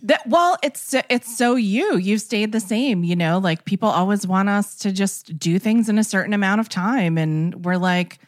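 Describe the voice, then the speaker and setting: A woman's voice: mid-range voice, normal speed, hardly any pauses, no room sound, studio quality. A woman co-hosting a casual podcast chat, upbeat as she jokes and reads the show announcements. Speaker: podcast co-host.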